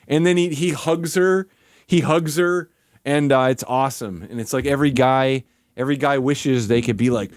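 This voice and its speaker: A man's voice: on the high side, normal speed, no room sound, studio quality. A man streaming live, ranting casually in a rambling, profane way full of "like". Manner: rambling, profane, heavy use of "like". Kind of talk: casual livestream rant.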